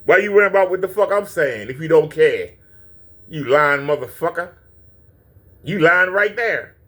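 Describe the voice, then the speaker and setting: Guy ranting and cussing out somebody, taunting, kinda high voice. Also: animated, normal speed, bright, forceful tone. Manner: taunting, insulting, preachy. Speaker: channel host reacting to a clip. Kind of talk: profane reaction rant.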